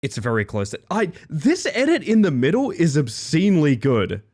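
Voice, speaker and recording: A man live-streaming, chatting with his viewers in a playful, excitable way. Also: on the high side, moderate pace. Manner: playful, excitable, talks to chat. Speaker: livestreamer. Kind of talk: casual live-stream chat.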